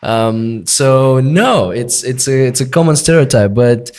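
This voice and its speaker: A man's voice: medium pitch, lively intonation, darkish tone. A man from Russia hosting a podcast, chatting casually and reacting to his guest. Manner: quick back-channel replies and laughs. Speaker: podcast host. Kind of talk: casual chat.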